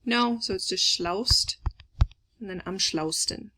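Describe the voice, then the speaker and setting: A woman's voice: mid-range voice, slow, pushed and bright, slight background noise. A woman teaching German grammar in a recorded lesson, explaining step by step with frequent fillers.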